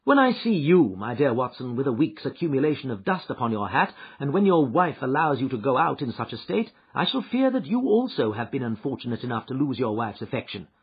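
A man voicing a shrewd, confident detective who lectures in a brisk, precise way, in a dull, muffled recording. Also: medium pitch, big pitch swings, slightly rough, full character voice. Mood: teasing. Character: shrewd confident male detective, middle-aged. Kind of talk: audiobook character reading.

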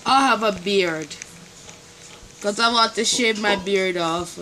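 A gaming video host giving playful, silly commentary while playing, with drawn-out chants. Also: medium pitch, noisy background. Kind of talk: casual gameplay commentary. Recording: game music clearly behind.

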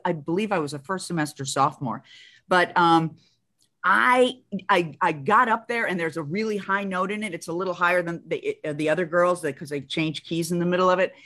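A woman in her sixties from Chicago with a Chicago accent, an actress chatting as an interview guest, telling animated stories with frequent ums and restarts. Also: on the low side. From Chicago, USA. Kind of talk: casual interview chat.

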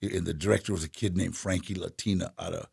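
An older man in his seventies, a guest in a casual interview, telling stories with laughter and acted-out quotes in a husky voice. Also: low-pitched, fairly even intonation, fast, darkish tone, no echo, studio quality. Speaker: guest actor.

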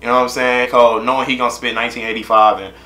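A man's voice: mid-range voice, flat delivery, racing, echoey room, a loud crowd. A man hosting a casual music reaction vlog, talking in a loose, slangy, rambling way full of filler phrases. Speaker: reaction channel host.

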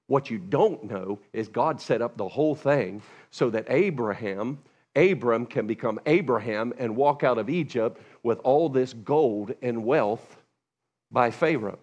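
A male pastor delivering a sermon in an animated, conversational way. He leaps up in pitch when acting out quoted speakers and sinks to a low, quiet tone for asides. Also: moderate pace. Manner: animated, acts out quoted voices with big pitch jumps; drops to a hushed, low voice for asides.

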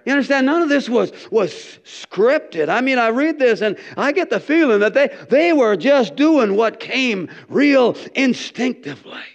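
A middle-aged male pastor preaching a sermon in an animated, folksy storytelling manner with repeated restarts. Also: very high voice, a little slow, gravelly, few pauses. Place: church. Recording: dull lo-fi recording.

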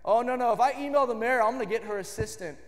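A man with a strikingly high voice preaches a sermon and builds emphatically into shouted lines. His voice rings with the long reverb of a big church hall. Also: quick pace. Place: church sanctuary.

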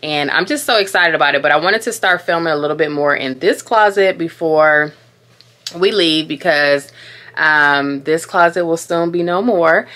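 A young woman vlogs from her closet at home, chatting casually about beauty and perfume and calling her viewers dolls. Captured on a camera mic, her deep voice is a bit bright and moves at normal speed.

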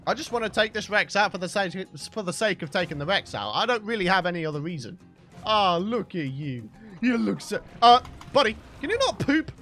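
A man commentating his own gameplay, shouting and exclaiming, teasing his in-game pets, his voice getting worn. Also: high-pitched, very animated, brisk. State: losing his voice. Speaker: gaming channel host. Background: game background music.

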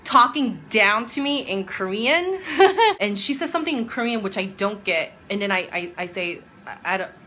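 A woman in her thirties telling a story in a casual vlog, animated and exasperated, acting out bits of dialogue. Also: medium pitch, normal speed, a little hiss or hum. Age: 30s. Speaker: vlogger; doctoral music student and teacher.

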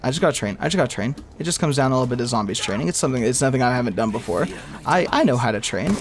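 A man's voice: mid-range voice, expressive, fast talker. A young man talks his way through a game in loose, rambling commentary. His voice rises and falls a great deal and jumps up in exasperated bursts. A faint hiss sits under the recording. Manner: rambling, self-talking, bursts into exasperated outbursts. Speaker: gaming video creator. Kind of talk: live gameplay commentary.

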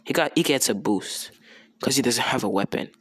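A man's voice: medium pitch, fairly quick, husky, no room sound. A young man improvising a fan story in a rambling, slangy, casual way with many restarts.

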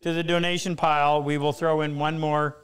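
A man's voice: fairly high pitch, flat delivery, fairly quick, smooth. A middle-aged man hosting a live woodworking stream, chatting loosely with frequent restarts. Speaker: host.

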